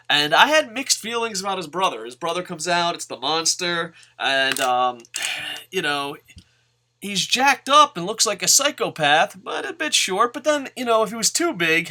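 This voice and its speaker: A man rambling through a wrestling show recap in a casual vlog, cursing in nearly every sentence. His voice is very bright and forceful, pitched a little high, and he jumps from muttering to excited shouting. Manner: excitable, swears constantly, bursts into loud shouts; rambling, self-correcting.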